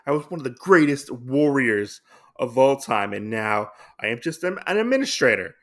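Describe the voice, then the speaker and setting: A man's voice: medium pitch, sing-song, moderate pace, fairly bright tone. A man voicing an aging, dying male general who speaks ruefully of his lost glory. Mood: wistful.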